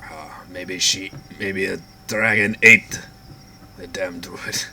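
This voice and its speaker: A man's voice: low voice, steady tone, takes it slowly, bright, forceful tone, slight background noise. A man playing in a tabletop game, talking bluntly and warily, swearing casually. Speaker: player. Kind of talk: casual table talk in character.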